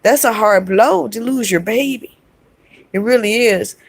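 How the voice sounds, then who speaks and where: Middle-aged lady on a livestream, heartfelt and repetitive, kinda high voice, dry close sound. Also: a little slow, breathy edge, dry recording. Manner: heartfelt, repetitive, addresses viewers as y'all. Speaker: vlogger reading live chat. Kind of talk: emotional livestream chat.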